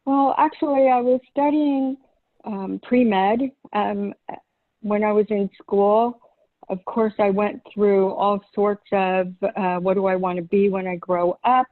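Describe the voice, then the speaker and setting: A woman's voice: medium pitch, steady tone, slow pace, no echo. A middle-aged woman from Long Island, a holistic chiropractor, answering interview questions casually with frequent ums and hesitations. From Long Island, New York. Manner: hesitant, many ums, light laughs. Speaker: podcast guest, holistic chiropractor. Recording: tinny phone-like line.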